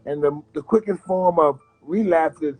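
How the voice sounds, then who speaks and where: A man in his fifties from the United States, a guest in an interview, telling blunt, animated stories and acting out other people's voices. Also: a little high, moderate pace, faint music behind, poor audio. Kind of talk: candid interview storytelling.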